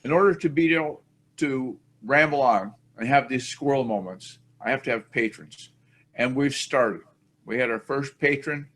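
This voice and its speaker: A mid-range voice with a bit of brightness, delivered at a moderate pace, belongs to a man hosting a casual podcast. He wanders from point to point chattily, poking fun at himself.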